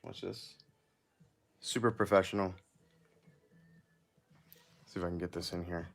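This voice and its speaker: A man's voice: deep voice, steady tone, a little slow. A man hosting a casual livestream, chatting in a rambling way while repairing action figures and reading chat aloud.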